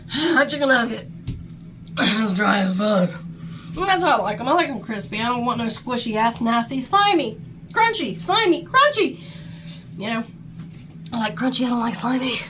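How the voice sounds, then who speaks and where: High-voiced woman ranting into her vlog. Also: normal speed, a bit bright, a little hiss or hum. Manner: rambling, profane, laughs between thoughts. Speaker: vlogger. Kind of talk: casual rant to camera. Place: at home, indoors.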